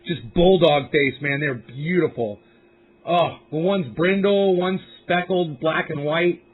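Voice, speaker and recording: Chill guy rambling on his home stream, cussing a lot, kinda high voice, tinny phone-like sound. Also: takes it slowly, breathy edge. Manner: laid-back, rambling, swears freely. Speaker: livestream host. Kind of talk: casual livestream chat.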